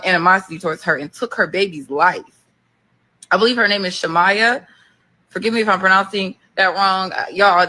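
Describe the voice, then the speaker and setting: A woman's voice: fairly low pitch, bright, forceful tone. A woman in her thirties hosting a casual livestream, talking emphatically, repeating her phrases and speaking straight to her viewers. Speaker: talk show host and school counselor.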